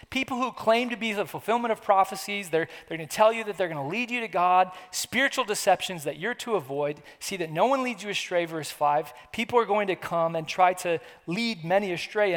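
A man preaching a sermon, his voice sitting high for a man. He talks earnestly and conversationally, circling back to repeat phrases for weight. The sound carries a long hall reverb. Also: fairly bright tone. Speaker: pastor.

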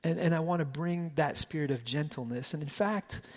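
Pastor, man, slightly higher voice, preaching in a reverberant church hall; drops to a hush, then builds to emphasis. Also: normal speed. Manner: shifts between soft hushed passages and raised emphatic ones; frequent word repeats and restarts. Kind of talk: sermon.

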